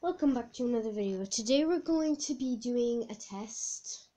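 Chatty high-voiced young woman vlogger. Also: animated, normal speed, dark tone. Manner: chatty, thinks aloud with many fillers, bursts into squealing outbursts. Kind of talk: casual chat while taking online quizzes.

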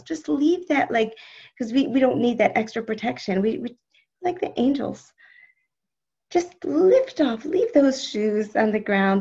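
Over dull video call audio, a woman teaches a live online religious class, speaking expressively and directly to her listeners while answering their chat comments. Her voice is medium in pitch and gravelly.

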